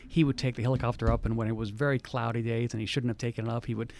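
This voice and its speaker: A man's voice: medium pitch, little pitch movement, darkish tone, a little hiss or hum. A man interviewing his mother, prompting her with details and questions. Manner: fast, prompting, fills in details.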